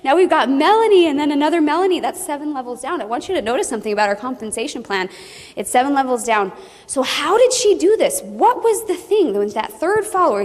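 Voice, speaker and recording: A middle-aged woman leading a motivational team training for a live audience, animated and laughing often, acting out quotes in a high excited voice. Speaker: team leader speaking at a training. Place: meeting hall with audience. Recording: reverberant hall from a room mic.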